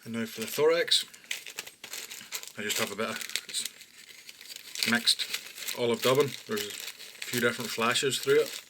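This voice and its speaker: A man calmly talking through fly-tying steps as an instructor, often dropping low and quiet. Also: a little slow, pauses often, noisy background. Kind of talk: step-by-step tutorial narration.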